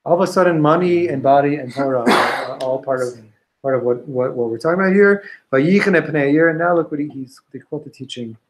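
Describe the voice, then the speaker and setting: A man teaching an informal Talmud class, retelling a story with lively restarts and Hebrew and Aramaic quotes. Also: a little high, fairly quick, poor audio. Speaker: Torah teacher.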